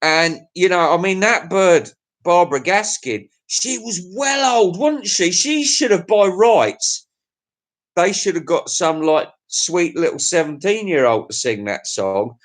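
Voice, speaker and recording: Rambling crude English bloke, high voice. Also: male voice, animated, a little slow. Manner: rambling, crude, chuckling to himself. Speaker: livestream host. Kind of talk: casual chat to viewers.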